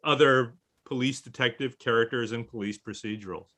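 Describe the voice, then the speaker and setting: A man's voice: mid-range voice, fairly even intonation, a little fast, sharp tone. A man talking animatedly on a remote author panel, joking and mock-indignant. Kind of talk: casual panel chat.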